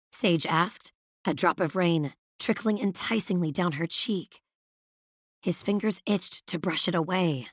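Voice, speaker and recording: This is scripted audiobook narration by a woman whose pitch is fairly low. She tells the story in a measured, even manner, and the recording is dry.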